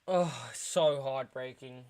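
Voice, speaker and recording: Young english guy on a football watchalong stream, gutted and sighing, slow and smooth. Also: mid-range voice, darkish tone. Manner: dejected, sighing, talking to chat. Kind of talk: live football watchalong reaction.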